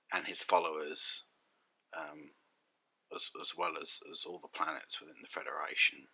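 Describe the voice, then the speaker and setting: A man delivers a spoken critique in a sardonic, exasperated tone, piling up rhetorical questions. His voice is fairly low yet very bright and cutting. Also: creaky. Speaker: critic and reviewer. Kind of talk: spoken review commentary.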